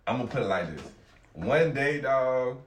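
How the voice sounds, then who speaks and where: A man's voice: mid-range voice, expressive, normal speed, a little hiss or hum. A man in a casual group debate, blunt and insistent, asking the same questions again and again. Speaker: panel member. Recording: roomy echo, mic a bit far.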